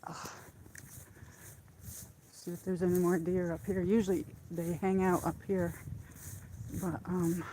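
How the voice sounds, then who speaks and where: A woman's voice: lowish voice, flat delivery, unhurried, pauses often, dark tone, a little hiss or hum. A woman hosting a casual walking livestream outdoors, chatting to her viewers as she goes. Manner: chatty, rambling, talks to viewers. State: out of breath from walking uphill. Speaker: livestream host. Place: outdoors on a walk around a lake.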